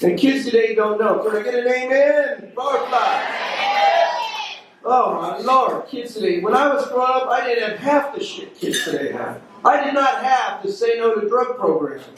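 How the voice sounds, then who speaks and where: A man doing a loud, brash stand-up comedy routine on a club stage, teasing the audience while they laugh. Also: very high voice, lively intonation, normal speed, crowd noise. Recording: echoey distant club recording with noise.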